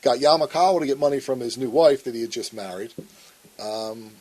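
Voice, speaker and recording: A man's voice: mid-range voice, a little fast, a little mellow, low-quality recording. A man telling a story in a blunt interview, swearing often and acting out the arguments he recounts. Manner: blunt and profane, acts out quoted arguments. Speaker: interview guest.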